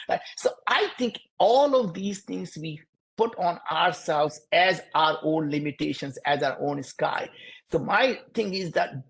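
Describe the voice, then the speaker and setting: A man's voice: a little high, measured pace, fairly bright tone. An entrepreneur with a thick Indian accent holds forth on a video call. He speaks emphatically, repeating his points in a motivational cadence. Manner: emphatic, repetitive, preachy cadence. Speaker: entrepreneur guest. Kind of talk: motivational interview answers.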